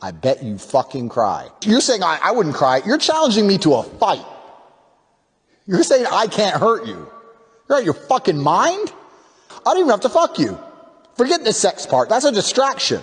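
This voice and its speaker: Man in a clip, taunting and aggressive, lively pitch, long reverb around him. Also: normal speed.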